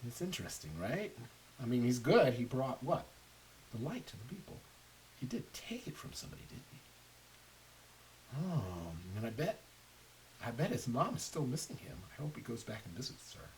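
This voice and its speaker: A man with a medium-pitched voice reads a picture book to children at a moderate pace, animated and pausing to ask his audience questions. He's a little distant from the mic, with faint hiss in the background.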